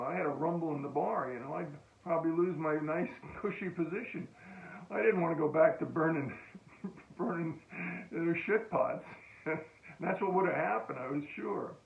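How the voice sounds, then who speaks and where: An older American man, a veteran, recounting a story in a halting oral-history style with frequent restarts and chuckles. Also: on the high side, creaky. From United States. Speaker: veteran telling a war story. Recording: tinny phone-like echoey room.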